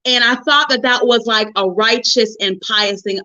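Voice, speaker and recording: A middle-aged woman hosts a relationship forum call, speaking in a lively, preachy testimony style and addressing listeners as honey and sis. Her voice is high and bright at a moderate pace, and the sound is dull and lo-fi, like a call line.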